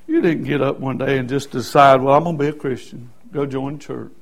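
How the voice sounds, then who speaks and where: A man preaching a sermon as a personal testimony, in a folksy way, going from soft, quiet stretches to loud shouted peaks. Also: medium pitch, a little fast, creaky.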